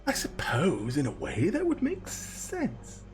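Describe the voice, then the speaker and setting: A man voicing an excitable, fussy male wizard scholar who stumbles over his words. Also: fairly high pitch, takes it slowly, over music, heavily acted. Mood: flustered.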